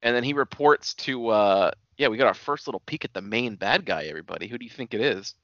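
A young man co-hosting a casual podcast, calmly explaining the plot to listeners and calling his friend buddy. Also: mid-range voice, fast, no room sound. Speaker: podcast co-host. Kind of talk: casual chat recapping a cartoon. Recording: dull, slightly lo-fi dry sound.

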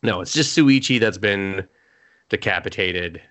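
A man with a lowish, bright voice chats casually as a podcast co-host. He rambles and swears freely, dropping quoted lines into quick put-on voices along the way. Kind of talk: casual chat recapping an anime episode.

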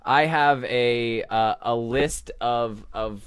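A man's voice: mid-range voice, slow pace, clear, resonant tone. Joking, crude male podcast host. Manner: joking, crude, laughs often. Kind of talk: casual podcast banter.

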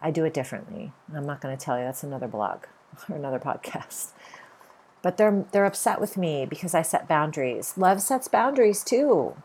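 Middle-aged woman, podcast host; low husky voice, earnest spiritual monologue, repeats lines for emphasis. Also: darkish tone.

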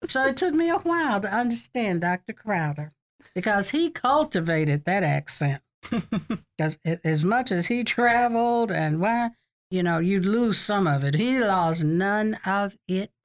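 A woman's voice: medium pitch, lively intonation, a little slow. Older woman telling stories with frequent laughter. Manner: chatty storyteller, laughs often. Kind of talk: oral history interview.

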